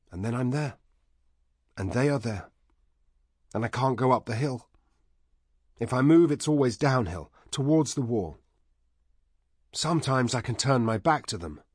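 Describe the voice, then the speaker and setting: A man voicing a grieving man haunted by dreams, quiet and weary in a husky hushed voice. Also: mid-range voice, no echo, clean studio sound, voice pushed up. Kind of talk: audiobook character voice.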